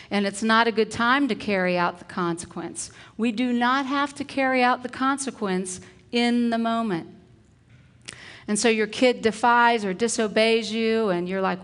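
A woman, a kindergarten teacher, giving a parenting talk full of classroom stories and acting out the dialogue in gentle, earnest tones. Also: medium pitch. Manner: acts out dialogue with a shift of voice.

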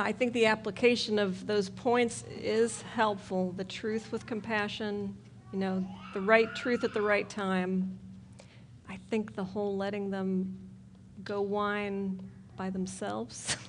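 Slow-spoken woman leading a church Q&A. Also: medium pitch, flat delivery, slight background noise. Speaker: speaker leading a question session. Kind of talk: church talk with audience questions.

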